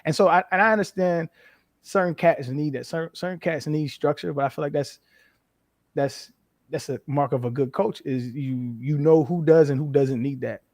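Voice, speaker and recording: A man in his thirties from New Mexico, a former football player, talking as an interview guest in a frank, profane way with lively storytelling. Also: fairly high pitch, normal speed, dry recording, clean studio sound. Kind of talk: casual interview chat.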